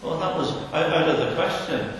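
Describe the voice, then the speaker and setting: A man's voice: a little high, brisk, slight background noise. Man, sermon, earnest, dramatic drops in voice, distant mic, big echoing hall. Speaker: preacher. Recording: echoey hall from far off.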